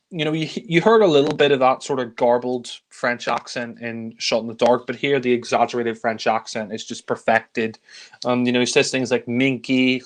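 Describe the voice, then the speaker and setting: A man chats through a film review in a loose, rambling way. He leans on fillers and laughs under his breath as he goes. His voice sits at an ordinary middle pitch. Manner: rambling, full of fillers and chuckles. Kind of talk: casual film review chat.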